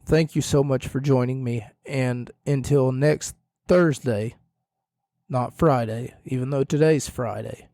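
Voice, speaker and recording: Solo podcast host, man, a little hoarse, rambling and jokey; mellow, slightly high voice, dry close sound. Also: a little slow, no echo. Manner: rambling, self-correcting, jokey. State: slightly hoarse, losing his voice.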